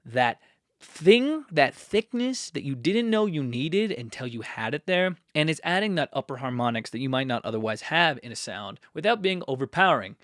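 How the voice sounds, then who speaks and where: A man's voice: mid-range voice, big pitch swings, a bit bright, no echo. Chatty man close on a dry mic. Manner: chatty and self-mocking, with quick asides. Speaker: music producer and tutorial host. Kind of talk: casual tutorial, ranking plug-ins. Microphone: close studio mic.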